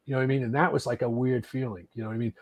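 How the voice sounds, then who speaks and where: Guest, man, 60s, husky voice; casual, animated storytelling with restarts. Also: medium pitch, racing, muffled recording. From United States. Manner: animated, swearing, trails off and restarts. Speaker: podcast guest, actor and volunteer firefighter.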